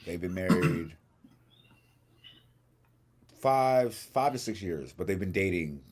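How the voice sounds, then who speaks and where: Man, very low voice, casual podcast storytelling, acts out quotes, swears freely. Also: lively intonation, slow pace, darkish tone. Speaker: podcast co-host.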